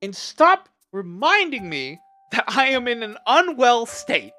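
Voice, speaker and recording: A streamer venting to a livestream chat, impassioned and exasperated, trying to stay measured while upset. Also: medium pitch, big pitch swings, bright, forceful tone, faint music behind.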